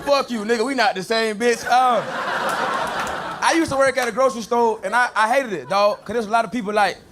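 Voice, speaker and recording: A man doing a stand-up set on stage, telling stories loudly and animatedly and shouting out other people's lines. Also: very high voice, fairly quick. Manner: loud, animated storytelling that jumps into shouted voices. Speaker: stand-up comedian. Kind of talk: stand-up set before a live audience. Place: comedy stage with a laughing crowd. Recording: live stage clip with loud crowd noise.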